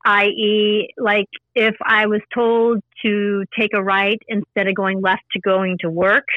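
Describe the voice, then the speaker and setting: A woman's voice: mid-range voice, flat delivery, measured pace, no echo, dull audio. A woman talking earnestly in a casual interview, explaining her spiritual practice in a repetitive, teaching way. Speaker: spiritual intuitive guest.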